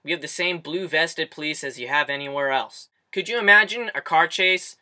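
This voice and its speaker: Young canadian guy ranting and swearing, bright sharp voice, pretty fed up. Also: on the high side, moderate pace. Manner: profane, exasperated ranting. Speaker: host. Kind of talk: comedic rant.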